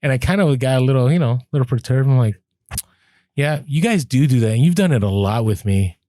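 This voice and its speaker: A man co-hosting a podcast, telling a story in casual chat, animated, laughing as he goes and acting out what people said. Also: mid-range voice, brisk, no room sound, clean studio sound. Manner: animated, laughs through stories, acts out quoted lines. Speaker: podcast co-host.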